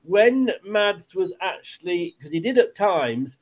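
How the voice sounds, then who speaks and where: A man hosting a casual football podcast, chatty and quick to laugh. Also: sits high, big pitch swings. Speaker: podcast host.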